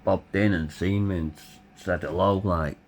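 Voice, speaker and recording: Blunt, deep-voiced middle-aged man. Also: steady tone, normal speed, slight background noise. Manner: blunt, candid, swears freely. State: hoarse, voice tiring. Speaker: vlogger. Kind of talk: personal storytelling.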